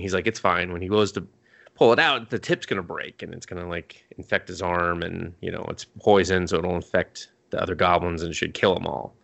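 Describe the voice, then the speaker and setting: A man's voice: low-pitched, steady tone, moderate pace, vocal fry, pushed and bright. A man co-hosting a podcast, loosely recapping an anime episode in a rambling, profane, filler-heavy way. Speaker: podcast co-host.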